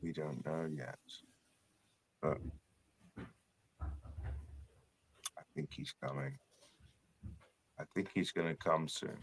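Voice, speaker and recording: A man opens a live stream, talking to his viewers in a relaxed, soft-spoken way. His voice sits very low and stays unhurried. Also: husky, no room sound. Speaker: host. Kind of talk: casual live-stream chat.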